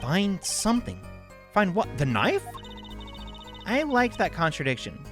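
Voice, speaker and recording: An excitable man narrating his own play of a courtroom game. He mutters to himself and mocks himself, with a lively voice that leaps up and down in pitch. Faint game music plays under him. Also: measured pace. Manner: excitable, self-mocking, talks to himself while playing. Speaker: gaming YouTuber. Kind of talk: let's-play commentary.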